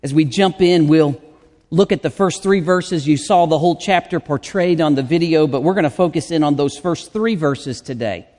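A man preaching a sermon in a church, slow and deliberate, drawing out his phrases. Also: on the high side, a little mellow. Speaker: pastor. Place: church sanctuary. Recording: long hall reverb.

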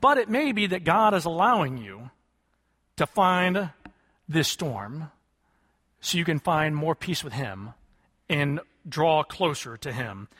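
A man's voice: on the high side, very animated, slow, long pauses, fairly bright tone, breathy edge, long reverb tail. A man preaching a sermon, questioning his congregation and calling for answers. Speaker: pastor.

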